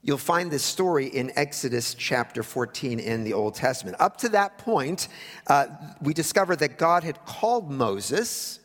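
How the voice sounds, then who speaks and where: A man preaching a sermon in a conversational way, with wry asides, sometimes dropping to a hush for emphasis. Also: medium pitch, in a large hall. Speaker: pastor.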